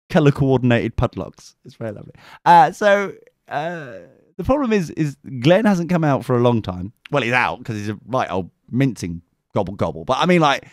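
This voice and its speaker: A young English man co-hosting a podcast, telling a sweary, animated story in a casual chat. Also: medium pitch, no echo, studio quality. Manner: sweary, animated anecdote with mimicked voices. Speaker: podcast co-host.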